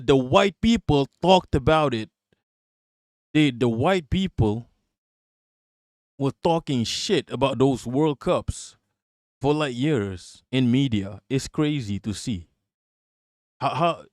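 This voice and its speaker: On his live stream, a host tears into news clips with foul-mouthed, laughter-filled tirades. He has a mid-range, slightly mellow voice, recorded clean in the studio with no room sound.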